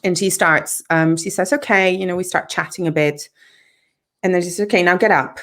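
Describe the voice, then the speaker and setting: A woman guest on a podcast, telling a personal story in a lively, conversational way and acting out what others said. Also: fairly low pitch, moderate pace. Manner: animated, acts out quoted dialogue, laughs often.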